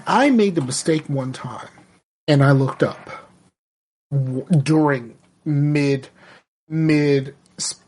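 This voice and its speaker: A man's voice: a little high, takes it slowly, long pauses, a little mellow, slightly rough. A man in casual podcast chat, rambling through a candid story with lots of restarts and the odd swear. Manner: profane, candid.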